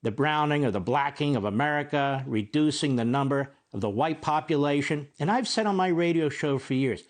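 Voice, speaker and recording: A man's voice: fairly high pitch, a little fast. A man in his sixties hosting a TV opinion show, delivering an emphatic monologue full of rhetorical questions. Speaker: TV host.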